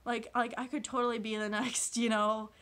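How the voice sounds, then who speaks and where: A woman's voice: on the high side, level tone, moderate pace, a bit bright, close to an everyday voice. A woman voicing a chatty, eager man who rambles about becoming an actor.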